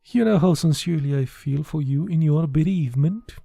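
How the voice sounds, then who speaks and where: A reader doing a smooth-talking charming lover. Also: mid-range voice, fairly quick, warm tone, dry recording. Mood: coaxing. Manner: coaxing, soothing. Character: charming married man, smooth and persuasive. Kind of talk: audiobook dialogue.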